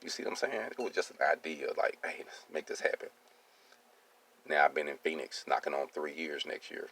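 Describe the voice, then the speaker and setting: A man's voice: a bass voice, lively intonation, quick pace, creaky, a bit bright. A man in his thirties, a welding business owner, tells his life story in a streetwise, casual monologue and keeps asking "you see what I'm saying.".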